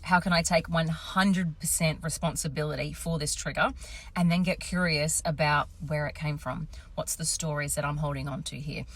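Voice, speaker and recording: A woman in her thirties, a confidence coach, casually telling a story to camera, lively and quick to swear. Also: sits low. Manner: animated, swearing, acts out quotes.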